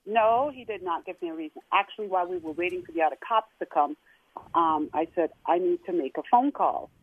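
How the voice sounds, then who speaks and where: A middle-aged woman calling in to a talk show, telling a personal story in an emotional, halting way. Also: lowish voice, breathy edge, no room sound. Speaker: guest caller. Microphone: phone. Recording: tinny phone line.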